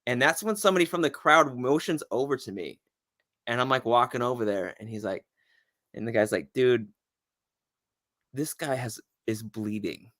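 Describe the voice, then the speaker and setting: A male comedian guest telling a long, animated story in casual chat, acting out the voices of people he quotes. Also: mid-range voice, brisk.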